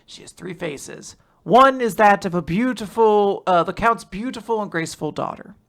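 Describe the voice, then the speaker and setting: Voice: medium pitch, normal speed, vocal fry, fairly bright tone. A podcast host recapping manga chapters in a casual, rambling way, laughing often.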